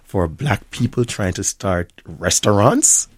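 Jamaican-accented man, middle-aged, low voice, upbeat, laughs easily, dry close sound. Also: expressive, takes it slowly, no echo. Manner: upbeat, laughs often, acts out customers' voices. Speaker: restaurant owner and chef. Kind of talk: interview conversation.

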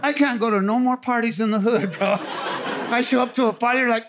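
A man's voice: high voice, expressive, normal speed. A man doing a stand-up comedy set, talking in punchy slang with a laugh in his voice. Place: comedy club stage. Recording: live club audience and crowd noise.

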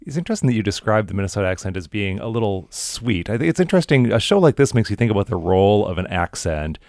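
A man co-hosts a radio talk show and reflects in a thoughtful, analytical way. His voice is very deep and he talks fast. The studio sound is dry. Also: big pitch swings, a little mellow, dry recording.

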